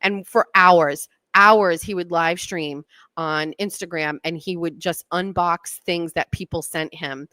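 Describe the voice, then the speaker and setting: Rambly woman hosting her own show, self-deprecating, kinda low voice, dry mic. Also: fairly even intonation, measured pace, sharp tone, dry recording. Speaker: talk show host. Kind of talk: casual monologue.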